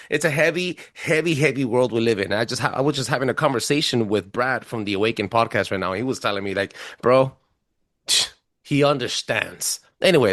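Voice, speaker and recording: Rambling animated man hosting a podcast. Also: on the low side, no room sound, studio quality. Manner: rambling, loose and animated, swearing. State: a little tipsy from whiskey. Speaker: podcast host. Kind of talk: casual podcast intro.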